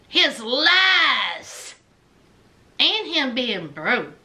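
A woman's voice: high voice, big pitch swings, very slow, pushed and bright. A woman hosting a reality TV recap, sassy and teasing, talking straight to her viewers.

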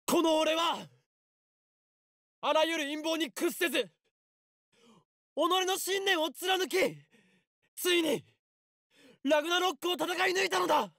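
A man's voice: very high-pitched, moderate pace, gravelly, pauses often, dry recording, clean studio sound, exaggerated voice. An actor voicing a grandiose young male mad scientist in a visual novel, proclaiming his lines theatrically. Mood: triumphant. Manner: theatrical, proclaiming, shouted declarations.

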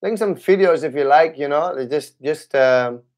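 A young man, a capoeira teacher, chatting casually on a livestream, halting and restarting his sentences often. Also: a little high, a little mellow. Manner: halting, with many restarts and fillers. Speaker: capoeira instructor.

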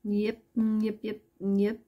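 A woman's voice: mid-range voice, flat delivery, measured pace, dark tone. A woman chatting casually as she shows and prices jewelry pieces one by one, talking to her viewers. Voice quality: gravelly, husky. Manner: chatty, pricing each piece aloud as she goes. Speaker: online jewelry seller. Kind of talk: casual live sales chat.

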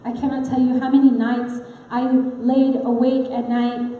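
A woman's voice: on the high side, little pitch movement, measured pace, warm tone, a little hiss or hum. A woman preaching an earnest, personal sermon in a church sanctuary, talking conversationally with frequent fillers. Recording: echoey hall with long reverb.

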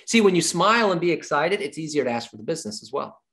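A man giving an energetic sales training talk, repeating his key points like a coach and acting out little dialogues with clients. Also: a little high, fast. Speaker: real estate sales trainer.

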